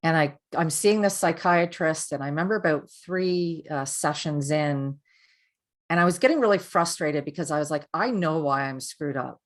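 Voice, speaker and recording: Middle aged woman with a low voice, talking frank and earnest on a podcast, lots of restarts. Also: normal speed. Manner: candid and earnest, with frequent restarts. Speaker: podcast guest. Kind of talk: personal storytelling in a conversation.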